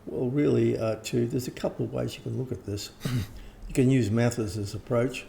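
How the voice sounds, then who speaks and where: Older man, gravelly, dark tone, rambling interview talk, faint background hiss. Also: medium pitch, fairly even intonation, normal speed. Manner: rambling, frequent restarts and throat clearing. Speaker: interviewed teacher. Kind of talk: casual conversation.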